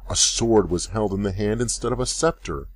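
Low-pitched male storyteller, measured, expressive graded-reader narration.

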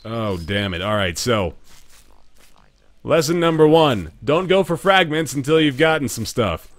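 A man's voice: medium pitch, big pitch swings, unhurried. A young man streaming a game live, chatting to viewers and swearing and yelping whenever danger hits. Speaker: gaming streamer. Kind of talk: live let's play commentary.

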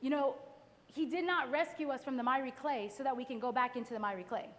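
High-voiced fast-talking woman preaching. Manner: lively storytelling, acting out her own past thoughts. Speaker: worship service speaker. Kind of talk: testimony sermon. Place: church worship hall. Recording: echoey live church recording.

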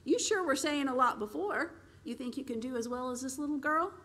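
A woman reading aloud, voicing a genial, quietly menacing bearded male carnival barker with a pleasant, conversational drawl. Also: high-pitched, animated, a little fast.

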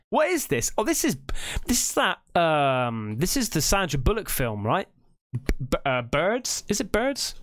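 Man, sweary excitable reactor, lively bright delivery. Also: on the high side, a little slow, no echo, clean studio sound. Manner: excitable, swearing freely, rambling. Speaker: reaction video host. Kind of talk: casual reaction commentary. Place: hot indoor room.

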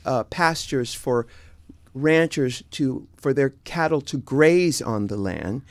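A man in his sixties from San Diego, chatting casually as an interview guest, relaxed and halting with many fillers and restarts. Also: medium pitch, no room sound, studio quality. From San Diego, United States.

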